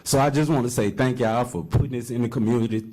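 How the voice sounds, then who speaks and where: A man from Baton Rouge, giving a heartfelt, halting personal testimony at a council podium. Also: medium pitch, fairly even intonation, warm tone. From Baton Rouge, Louisiana. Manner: heartfelt, halting, with many "um" pauses. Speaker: community program participant and mentor. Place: council chamber, speaking at a podium.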